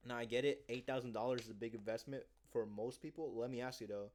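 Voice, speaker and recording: A man in a casual vlog monologue, rambling cockily and with profanity as he acts out a sales pitch. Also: steady tone, fast, darkish tone, a little hiss or hum. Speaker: sales job seeker.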